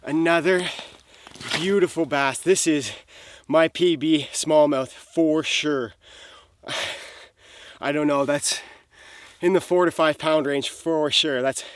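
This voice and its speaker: A man's voice: on the high side, fairly even intonation, takes it slowly, no echo, clean studio sound. A young man vlogging from a frozen lake. He talks casually, swears and exclaims, and talks to the fish and to himself. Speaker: outdoor vlogger. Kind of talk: casual vlog narration.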